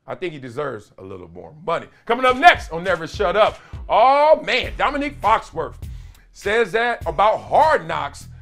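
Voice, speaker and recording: A middle-aged man hosting an animated sports talk show, playful, with quick asides and impressions. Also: fairly high pitch. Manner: lively, playful, drops into quick impressions and chants. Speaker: host.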